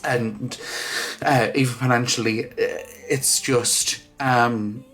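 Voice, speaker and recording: A man talking through tears in a casual vlog, halting and restarting with many fillers as he thanks friends. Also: medium pitch, steady tone, a bit bright, soft background music. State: crying. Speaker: vlogger.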